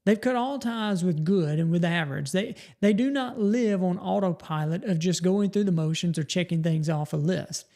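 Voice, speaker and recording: A man's voice: high voice, moderate pace, hardly any pauses, dark tone. A middle-aged man, hosting a podcast and giving a folksy motivational talk, often restarting his words. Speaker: podcast host.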